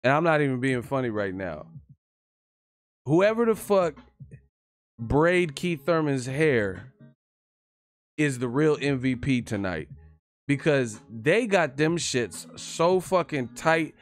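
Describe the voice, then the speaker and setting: A man hosting a live stream, giving casual, profane fight commentary, animated and quick to laugh. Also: medium pitch. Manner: animated, profane, laughing, breaks into yelled impressions.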